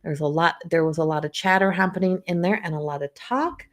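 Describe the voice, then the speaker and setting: A woman's voice: fairly low pitch, a little fast. A middle-aged woman from Newfoundland with a Newfoundland accent, a psychic medium chatting casually on a livestream with many restarts. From Newfoundland, Canada. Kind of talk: casual rambling livestream talk.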